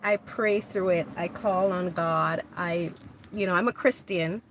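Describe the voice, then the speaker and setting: A woman hosting a casual livestream, chatting with viewers in a gentle, hesitant way full of restarts. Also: fairly low pitch, fairly even intonation, unhurried, slight background noise. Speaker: livestream host. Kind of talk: casual livestream chat reading comments.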